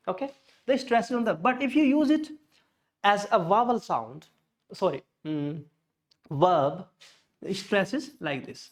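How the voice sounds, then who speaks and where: A male English teacher runs a pronunciation lesson, unhurried and animated in a high voice. He explains one step at a time, offers Hindi glosses, and corrects himself as he goes.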